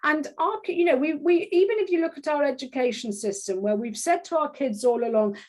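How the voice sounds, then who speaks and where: A woman parenting coach talking in a casual interview, animated, restarting her sentences often and acting out little quotes. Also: sits high, brisk. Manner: animated, acts out quotes in voices; frequent restarts and filler phrases.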